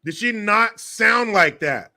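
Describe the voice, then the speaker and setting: Animated, profane male commentary host. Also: sits high, takes it slowly, creaky. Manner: animated, sarcastic, laughing and swearing.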